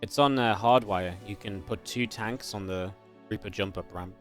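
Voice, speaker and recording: A man from Northern England with a mild Geordie accent, casting an esports match with chatty, laid-back talk between plays and quick, lively calls during fights. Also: fairly low pitch, faint music behind. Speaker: esports caster. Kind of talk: live game commentary with casual chat.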